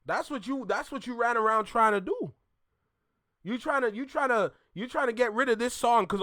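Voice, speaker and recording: A man's voice: high voice, very animated, normal speed, pauses often, bright, forceful tone, no room sound, studio quality. Emphatic man ranting. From Toronto, Canada. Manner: emphatic, repetitive, blunt. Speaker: reaction video host. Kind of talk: ranting reaction commentary.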